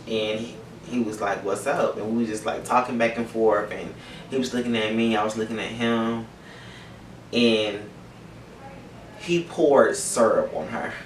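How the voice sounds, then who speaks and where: A man's voice: fairly low pitch, steady tone, measured pace, pauses often, a little hiss or hum. A young man casually telling a personal story to camera, candid and profane, getting emotional at times. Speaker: vlogger. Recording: roomy audio from a distance.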